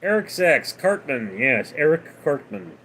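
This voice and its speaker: A man hosting a casual livestream, reading viewer questions aloud and answering them in a deadpan way. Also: fairly high pitch, a little slow, a little hiss or hum. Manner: deadpan, reads names then answers. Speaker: livestream host.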